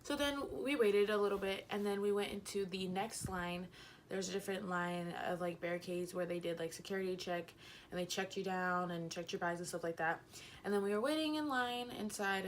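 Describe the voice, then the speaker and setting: A woman's voice: fairly low pitch, a little hiss or hum. A young woman telling a rambling, giggly storytime about a concert, a little out of breath, full of fillers. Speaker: vlogger. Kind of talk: casual storytime chat.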